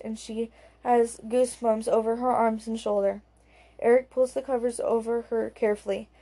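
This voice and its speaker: A woman reads a thriller audiobook in a calm, even storytelling manner. Her voice is fairly high but warm and mellow. Her narration is steady and scripted.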